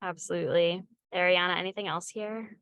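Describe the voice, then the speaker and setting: A woman moderator with a low, gravelly voice keeps a webinar moving, briskly affirming each answer and steering to the next topic. Her sound on the video call is dry and close. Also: fairly even intonation, dry recording, muffled recording.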